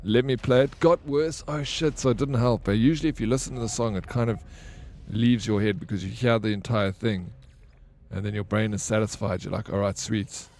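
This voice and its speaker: Casually chatting while he games on stream, a young man jokes with his viewers and cusses freely. His voice is fairly low and darkish in tone, and he speaks fairly quickly.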